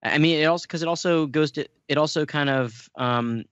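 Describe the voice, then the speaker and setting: A man on a podcast panel, talking in a halting way with many restarts. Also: fairly high pitch, fairly bright tone, smooth, dry recording. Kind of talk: casual podcast chat. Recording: dry, dull lo-fi mic.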